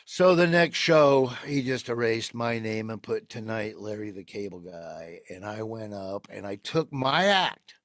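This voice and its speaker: Animated man telling a story. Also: fairly low pitch, unhurried, hardly any pauses, no room sound, studio quality. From United States. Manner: animated storyteller who acts out quoted people. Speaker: comedian guest. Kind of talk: casual storytelling interview.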